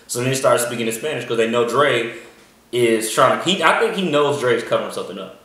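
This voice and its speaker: A man's voice: mid-range voice, lively intonation, brisk, bright, forceful tone. A man co-hosting a casual TV review chat, rambling with lots of ums and restarts. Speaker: podcast co-host. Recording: echoey room, mic far off.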